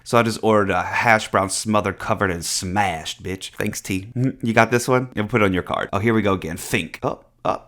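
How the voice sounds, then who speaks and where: A man giving playful, animated commentary on photos, joking around and swearing freely as the host. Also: lowish voice, moderate pace, few pauses. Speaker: reaction video host. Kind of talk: casual reaction commentary.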